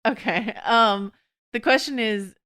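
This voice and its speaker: A woman hosting a podcast, talking quickly and casually, full of fillers and laughs. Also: fairly high pitch, sharp tone. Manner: quick, chatty, full of "you know" and laughs. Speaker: podcast host. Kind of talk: casual TV discussion chat.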